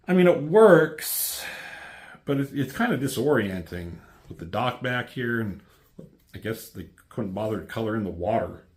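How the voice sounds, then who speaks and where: A man's voice: medium pitch, sing-song, normal speed, a little mellow. A man casually reviewing a comic book, reading bits aloud and wandering off into wry, rambling asides.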